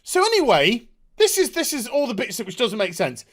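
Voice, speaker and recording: A video reviewer rants through a TV episode review, sarcastic, profane, and exasperated, at times shouting and mocking characters in put-on voices. His medium-pitched voice swings widely in pitch, and he talks fairly quickly.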